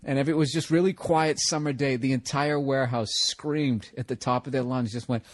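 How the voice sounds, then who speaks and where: A man's voice: mid-range voice, fairly even intonation, fairly quick, no room sound. Man telling profane rambling stories. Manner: profane, rambling, laughs through his own stories. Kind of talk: casual storytelling chat.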